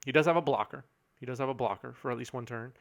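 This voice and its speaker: A man calls a card game match as it happens. His voice sits at an ordinary middle pitch, and his delivery is chatty and easygoing, with frequent chuckles as he reads out viewer messages. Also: fast, gravelly. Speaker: match commentator. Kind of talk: live card game commentary.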